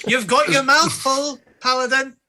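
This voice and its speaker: A man's voice: very high-pitched, fairly even intonation, a little slow, pushed and bright, exaggerated voice. A man playing a prim, bossy female hobbit cousin with a tart, scolding manner.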